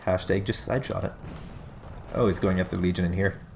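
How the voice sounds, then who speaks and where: A low-pitched, steady, creaky voice with a slightly mellow quality comes from a man casting a strategy game replay at a brisk pace, slight background noise behind him. Stuffy and nasal from allergies, he offers casual live play-by-play, musing and self-correcting as he goes.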